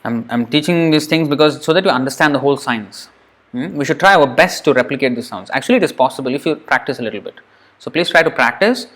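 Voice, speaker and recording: A man teaching Sanskrit pronunciation in a relaxed lesson. He repeats each sound several times and thinks aloud. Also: mid-range voice, fast. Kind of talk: informal lesson drilling sounds.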